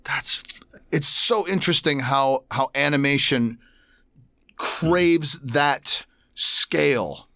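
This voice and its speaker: A man hosting a podcast interview, talking in a thoughtful, halting way with restarts. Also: medium pitch, pushed and bright, dry recording, clean studio sound. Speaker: podcast host. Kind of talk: casual interview chat.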